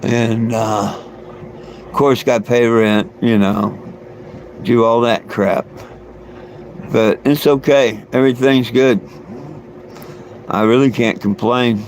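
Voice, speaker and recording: Male livestream host, gravelly voice, slow unhurried rambling, lots of fillers and chuckles. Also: mid-range voice, fairly even intonation, slight background noise. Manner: loose and meandering, many fillers and restarts, chuckles often. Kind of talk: rambling casual livestream chat.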